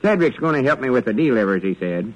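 An actor playing a folksy middle-aged country storekeeper, in an easygoing drawl, in 1940s radio acting. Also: male voice, mid-range voice, very animated, quick pace, poor audio. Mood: cheerful.

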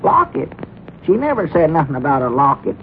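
An actor playing an excitable, teasing country storekeeper with a drawl, in 1940s radio comedy. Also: male voice, a little fast, slight background noise. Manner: excitable, teasing, jumps up in pitch. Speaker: general store keeper. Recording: muffled old radio broadcast recording.

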